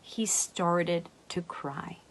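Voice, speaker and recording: A young adult woman with a low voice tells a story from her own life, like an emotional coach speaking to camera. She confides in an emotional way and often sinks to a hushed whisper. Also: extremely slow, a little hiss or hum.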